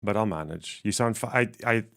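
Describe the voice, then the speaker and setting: Reading chat during a casual livestream, a man comments as he thinks out loud, cursing and laughing along the way. His voice sounds strained and lacks its low end. He talks fairly quickly with a fairly bright tone.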